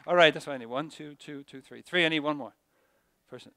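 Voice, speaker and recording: A middle-aged male teacher talks through a lesson in a loose, chatty way, restarting his sentences and checking in with "right?". His voice sits a little high and sounds smooth and clear. The sound is dry and close. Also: a little fast, sharp tone, no echo. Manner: conversational, rambling with many restarts and checks like "right?". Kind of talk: classroom lecture. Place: classroom.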